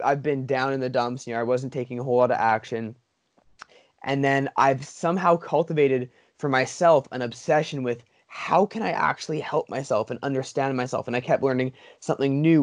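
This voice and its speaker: A man's voice: medium pitch, darkish tone, dry recording. A man hosting a podcast, asking questions in an enthusiastic, rambling way full of fillers. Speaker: podcast host. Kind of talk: podcast interview.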